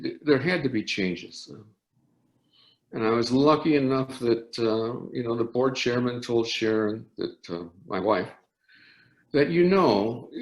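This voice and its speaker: An older man, an orchestra conductor, telling animated anecdotes in an interview with frequent restarts. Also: mid-range voice. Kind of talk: storytelling interview. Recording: roomy echo.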